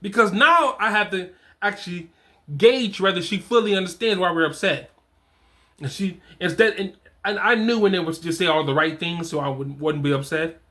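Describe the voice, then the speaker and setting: A middle-aged man with an animated, conversational way of talking who hosts a show on fatherhood, reading from his program and often restarting his phrases. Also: sits high, normal speed. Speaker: fatherhood coach and host. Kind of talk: casual solo talk reading from a program.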